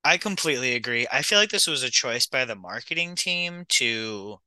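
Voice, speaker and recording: A man's voice: medium pitch, animated, normal speed, sharp tone, dry recording, rough recording. A man co-hosting a film podcast in casual chat, enthusiastic and easygoing. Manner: enthusiastic, easygoing, laughs often. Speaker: podcast co-host.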